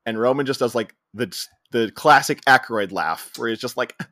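A man co-hosting a podcast, recapping a comedy scene by scene and acting out characters' lines in quick put-on voices. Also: medium pitch, bright, forceful tone, no room sound, studio quality. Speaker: podcast co-host. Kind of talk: casual movie recap chat.

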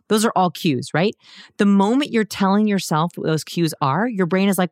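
A woman in her thirties, a guest expert, explaining in a casual podcast conversation with animated, explanatory delivery and quick acted quotes. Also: mid-range voice, no room sound, clean studio sound. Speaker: guest expert on body language.

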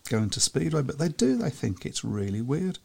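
A man with a gravelly edge to his mid-pitched voice keeps a podcast chat moving. He reads out scores and listener comments in a chatty, easy way. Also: sing-song, moderate pace, a little mellow. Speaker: podcast co-host. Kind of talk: casual chat about speedway.

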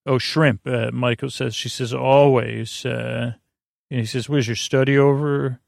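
A man hosting a sleep podcast, giving a meandering, low-key, halting recap of a TV episode. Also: flat delivery, creaky, no echo, studio quality. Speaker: podcast host. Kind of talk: rambling bedtime episode recap.

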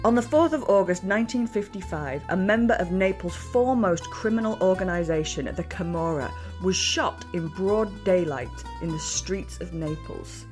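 A woman hosting a history podcast, telling the story in a playful, animated way. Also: lowish voice, normal speed, hardly any pauses, music in the background. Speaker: podcast host. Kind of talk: chatty podcast narration.

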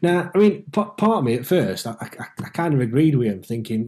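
Man, mellow dark tone, hesitant, stammering, casual podcast chat. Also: fairly high pitch, animated, fast talker, hardly any pauses. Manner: hesitant, stammering restarts, agreeable. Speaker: podcast co-host.

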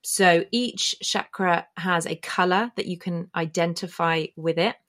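A woman hosts her own podcast and talks slowly in a fairly low voice. Her delivery is chatty and meandering, full of small restarts and self-corrections as she explains things. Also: a bit bright. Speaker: podcast host. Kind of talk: casual spoken explainer. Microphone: filmed while talking, pointing to body.

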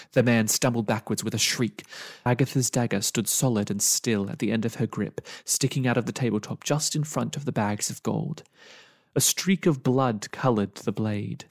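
Male storyteller, expressive dramatic reading, middle pitch, dry close sound. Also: vocal fry, no room sound. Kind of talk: storytelling narration.

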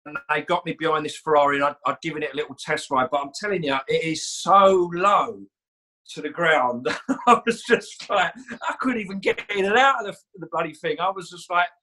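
A man telling a lively story in a casual chat. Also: fairly high pitch, brisk, poor audio. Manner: lively storyteller, animated retelling.

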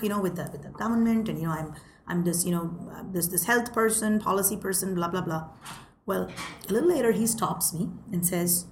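Woman chatting animated, telling a story, lots of "you know", bit of room echo and faint background hum. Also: medium pitch. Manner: animated, acts out quoted lines, many "you know" fillers. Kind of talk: casual storytelling. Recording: roomy echo with faint ambient noise.

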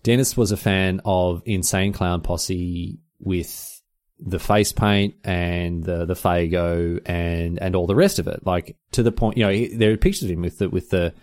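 A man with an Australian accent, hosting a podcast in fast, animated, casual solo chat. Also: deep voice. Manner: fast, animated storytelling with exclamations. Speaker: podcast host.

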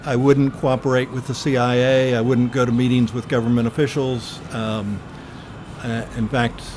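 As the interviewee in an oral history, an older man slowly and earnestly reflects on his past, pausing often and hesitating to fill the gaps. His middle-pitched voice has little pitch movement, with a faint hiss of background noise.

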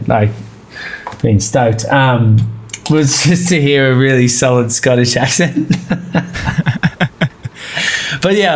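An Australian man guesting on a podcast, chatting in a rambling way, laughing often and swearing freely. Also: mid-range voice. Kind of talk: casual interview chat.

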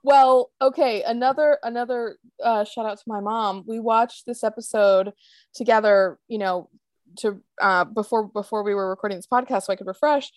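A woman co-hosting a podcast, chatting casually about a TV episode, animated and quick to laugh as she acts out scenes. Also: fairly high pitch, no room sound. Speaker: podcast co-host. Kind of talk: casual chat recapping a TV episode.

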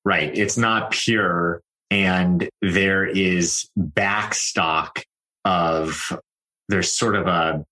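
A man who works as a life coach, talking in a calm, reassuring and reflective way. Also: low voice, rough recording. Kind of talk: conversational coaching talk.

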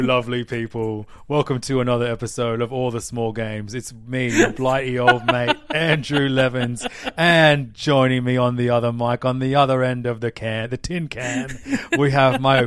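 A cheery, over-the-top British podcast host, put on by an Australian man, loud and bouncy. The accent is laid on thick and keeps cracking into laughter. Dry, close sound. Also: medium pitch, clear, resonant tone, dry recording, natural voice.

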